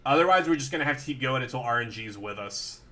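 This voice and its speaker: A man's voice: mid-range voice, expressive, quick pace, pushed and bright. A young man streaming a video game live, chatting with viewers and cheering on his creature with fillers and playful coaxing.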